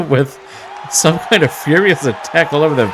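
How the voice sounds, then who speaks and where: Calling the wrestling match blow by blow, this commentator sounds wry and mocking and chuckles now and then. He speaks at a moderate pace in a fairly high voice. A crowd fills the noisy background.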